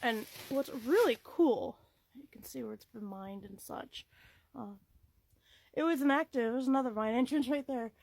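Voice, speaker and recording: A woman's voice: a little high, normal speed, creaky, a little mellow, a little hiss or hum, poor audio. A woman vlogging outdoors in the woods by an old mine entrance. She talks in a chatty, playful way and swears casually. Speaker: vlogger exploring old mines. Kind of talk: casual walking vlog.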